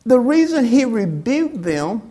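A woman pastor preaching a sermon, acting out quoted lines with big swings in pitch and loudness. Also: sing-song, unhurried.

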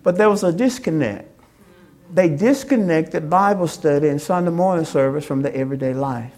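A woman pastor preaching a sermon, acting out quoted lines with big swings in pitch and loudness. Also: moderate pace.

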